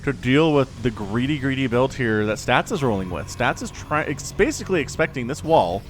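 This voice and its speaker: A man casting a strategy video game match on his own, excitable and chatty, laughing often and fighting the hiccups. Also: medium pitch, normal speed, soft background music. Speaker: game commentator. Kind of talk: solo esports play-by-play commentary.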